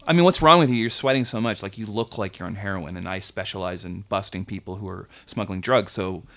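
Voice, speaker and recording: A young man co-hosting a comedy podcast, telling an animated story and acting out other people's lines in casual chat. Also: on the low side, brisk. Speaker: podcast co-host.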